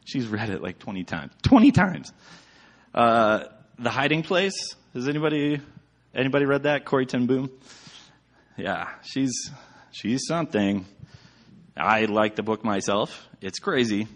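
A man's voice: medium pitch, unhurried, a bit bright. A man giving a casual sermon with slides, chatty and rambling, with many fillers. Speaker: church speaker.

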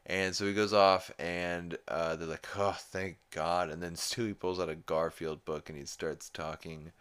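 A man's voice: sits low, steady tone, moderate pace, fairly bright tone, smooth. A man hosting a podcast, recapping a cartoon episode in a rambling, profane, laid-back way. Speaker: podcast host.

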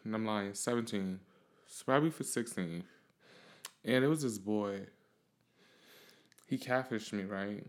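A young man hosting a podcast, telling a rambling, profane story in a casual, animated way. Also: lowish voice, unhurried, long pauses. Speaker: podcast host.

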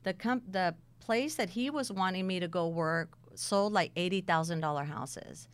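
A middle-aged woman casually telling her career story, blunt and animated, acting out the dialogue. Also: lowish voice, normal speed, clean tone.

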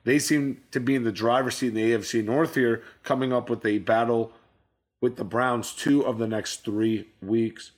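A man's voice: medium pitch, steady tone, normal speed. A man co-hosting a casual football recap show, bluntly opinionated and rattling off game stats. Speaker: sports show co-host.

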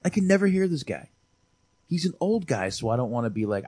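A man's voice: mid-range voice, brisk, no room sound. A man hosting a podcast, rambling and swearing casually while reviewing a movie. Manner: rambling, profane and animated. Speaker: podcast host.

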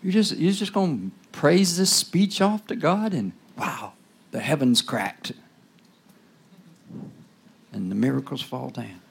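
A man preaching a sermon in a loose, conversational style, tossing asides to the congregation and swinging between loud bursts and near-whispers. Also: a little high, takes it slowly, creaky, long pauses, breathy edge. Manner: call-and-response asides, rising to loud bursts then dropping to whispers.

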